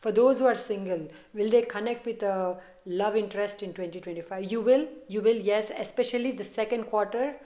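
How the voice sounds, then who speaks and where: A woman's voice: medium pitch, fairly quick, hardly any pauses, warm tone. A woman tarot reader talking casually and reassuringly straight to her viewers as she gives a reading. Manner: chatty, reassuring, direct address to viewers.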